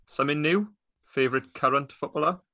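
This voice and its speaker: A man's voice: on the high side, a little fast, bright, forceful tone. A man hosting a casual podcast chat, asking teasing questions with a laugh. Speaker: podcast host.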